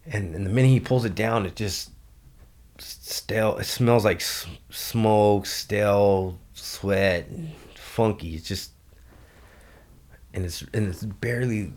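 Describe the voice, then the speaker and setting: Man, very low voice, loose profane storytelling, podcast guest. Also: takes it slowly, a little mellow. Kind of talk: casual storytelling.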